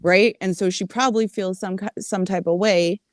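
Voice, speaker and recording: A woman co-hosting a casual gossip livestream, laid-back as she speculates and throws in quick asides. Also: medium pitch, steady tone, no room sound, studio quality. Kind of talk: casual gossip commentary chat.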